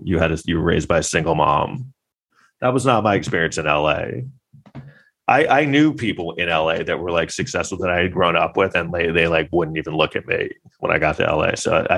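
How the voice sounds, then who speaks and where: A man's voice: deep voice, creaky, fairly bright tone. A man hosting a podcast, rambling through a mocking, casual commentary with many restarts. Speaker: podcast host.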